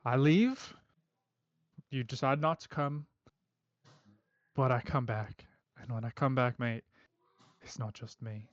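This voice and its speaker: A man voicing a menacing male debt-collector warlock with an Australian accent, who makes calm threats and keeps saying mate. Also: medium pitch, slow pace, pauses often, dry recording, highs cut off, natural voice.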